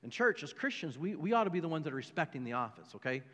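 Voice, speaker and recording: A man's voice: a little high, very animated, racing, a bit bright. Emphatic male pastor in a reverberant church. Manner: emphatic, joking asides, repeats phrases. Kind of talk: sermon. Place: church sanctuary. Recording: long hall reverb.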